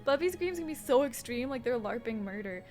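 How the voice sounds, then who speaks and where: A woman's voice: fairly high pitch, lively intonation, a little fast, darkish tone, faint music behind. A young adult woman streaming from home, chatting casually and rambling with frequent swearing while she does her makeup. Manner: rambling and profane, chatting with viewers.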